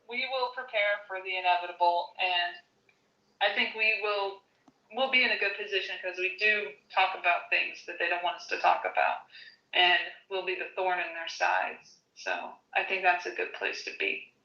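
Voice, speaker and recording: A woman hosting a podcast in casual chat, blunt and quick to laugh. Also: mid-range voice, steady tone, pushed and bright. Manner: chatty, laughs often, blunt. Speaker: podcast host. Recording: echoey, dull lo-fi audio.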